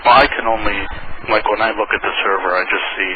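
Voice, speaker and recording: A man co-hosting an internet radio show, talking in a halting, distracted way. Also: lowish voice, fairly even intonation. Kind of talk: casual on-air chat. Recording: muffled lo-fi stream with loud hiss.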